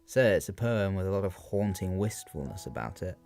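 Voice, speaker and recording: Low-voiced young man, hesitant. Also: very animated, a little fast, creaky, darkish tone. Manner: hesitant, many ums and "sort of" fillers. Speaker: student giving revision analysis. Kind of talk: unscripted spoken revision talk. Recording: faint guitar music behind.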